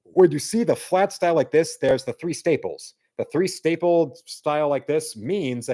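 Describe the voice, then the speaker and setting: A man's voice: fairly high pitch, normal speed, mellow. A man hosting a live stream, chatting casually and reading viewer comments in a rambling way. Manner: rambling, with many fillers and restarts.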